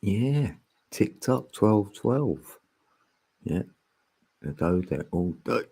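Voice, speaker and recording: A man hosts a loose, joking livestream, rambling between laughs and the odd sung line. His voice sits very low and moves unhurriedly. It carries a husky edge. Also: expressive, very slow, warm tone. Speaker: livestream host. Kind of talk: casual live stream chat.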